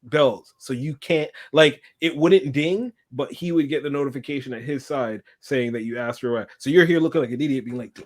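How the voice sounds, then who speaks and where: A man chatting casually, telling rambling stories in a relaxed, slangy and profane way. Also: mid-range voice, fairly quick, few pauses. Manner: laid-back storyteller, swears, slangy. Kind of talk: casual chat.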